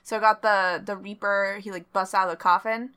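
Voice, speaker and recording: A woman talking on a casual gaming podcast in a bright, clear voice. She rambles in a chatty way, full of "likes" and "ums.". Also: mid-range voice, steady tone, fairly quick. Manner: chatty, lots of fillers and likes. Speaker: podcast co-host. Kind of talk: casual chat.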